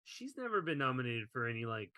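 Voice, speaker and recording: Male podcast co-host, easygoing and quick to laugh, bright voice, dry close recording. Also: medium pitch, big pitch swings, dry recording. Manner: laughs while reading quotes. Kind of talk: casual chat.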